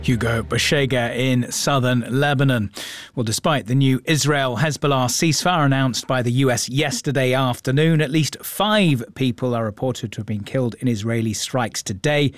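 A man presenting a radio news programme from a studio in a measured, clear manner. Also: mid-range voice, no room sound. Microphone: studio microphone.

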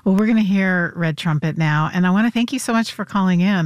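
A woman with a slightly low voice hosts a radio interview, asking questions and reacting with short, enthusiastic remarks. The recording is dry and close, with faint music behind her. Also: fast talker, no echo. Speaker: radio host. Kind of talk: interview hosting.

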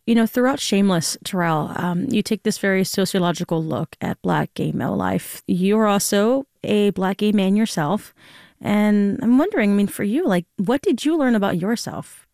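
A woman's voice: medium pitch, animated, normal speed, gravelly, darkish tone, no echo, studio quality. A woman hosting a morning radio program, interviewing a guest and bantering playfully with a colleague on air. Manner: chatty, playful, laughs easily. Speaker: radio morning news host. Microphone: studio microphone.

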